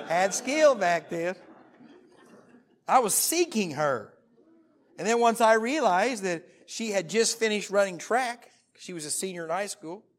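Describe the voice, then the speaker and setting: Guy in his thirties preaching a sermon, kinda high voice, jokey stories, gets loud all of a sudden. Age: 30s. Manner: animated, jokey storytelling with sudden loud bursts. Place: church meeting room.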